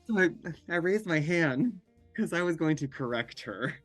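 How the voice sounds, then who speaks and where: A man from California, a guest telling personal stories in a casual, animated way and laughing often, recorded over a remote call. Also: a little high, normal speed, no echo, soft background music. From California, USA. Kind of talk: casual storytelling.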